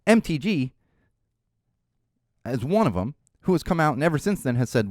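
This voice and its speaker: Man, podcast host, ranting commentary, lively swinging pitch, dry close sound. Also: moderate pace, long pauses, no echo. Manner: animated, ranting, swears freely. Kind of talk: opinionated political commentary.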